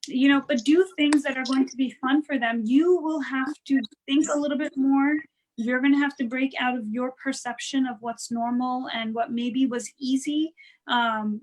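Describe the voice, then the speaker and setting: A woman with a high voice talks through her advice in a relaxed, chatty way. She keeps checking in with her listeners as she goes. Now and then she acts out other people's tones to make a point. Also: normal speed, rough recording. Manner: conversational, frequent "right?" and "you know" tags; acts out quoted voices to show tone. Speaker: guest speaker on parenting and wellness. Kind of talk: casual advice talk.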